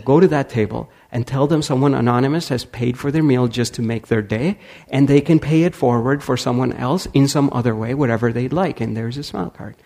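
A man's voice: medium pitch, creaky. A man giving a talk, telling a story and acting out the people in it. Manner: animated storyteller acting out quotes. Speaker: speaker.

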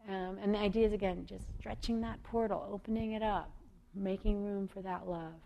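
A woman giving a gentle, unhurried meditation talk, with soft fillers and small laughs. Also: mid-range voice, fairly even intonation, creaky, dull audio, slight background noise. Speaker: meditation teacher and singer. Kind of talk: gentle spoken dharma talk.

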